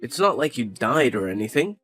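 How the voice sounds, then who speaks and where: A man playing a cold, dismissive young husband who talks with scorn and is quick to blame, over faint background music. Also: medium pitch, big pitch swings, a bit bright. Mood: scornful.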